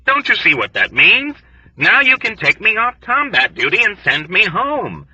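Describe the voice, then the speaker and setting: A man reading an audiobook, voicing a frantic young male airman who shouts and pleads in agitation. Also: sits high, wildly swooping pitch, normal speed, breathy edge, dry recording, highs cut off, pitched above the performer's own voice, exaggerated voice. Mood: frantic pleading.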